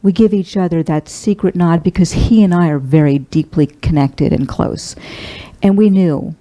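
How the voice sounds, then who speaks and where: A middle-aged woman minister giving a sermon, telling a personal story in a tender, heartfelt, halting way. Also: lowish voice, warm tone, rough recording.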